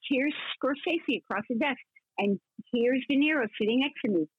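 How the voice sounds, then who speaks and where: An older woman in her sixties chats as an interview guest, rambling through lively stories with many restarts. Her slightly high, husky voice comes over a tinny phone line with a dry sound. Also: moderate pace, no echo. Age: 60s. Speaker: actress guest. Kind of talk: casual interview chat.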